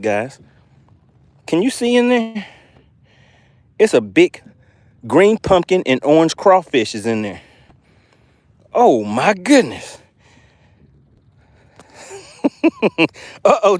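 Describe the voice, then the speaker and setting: A breathless man hosting a live fishing stream outdoors, excitedly repeating catchphrases and calling out to his chat. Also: high-pitched, no room sound. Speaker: fishing channel host. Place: outdoors by the water.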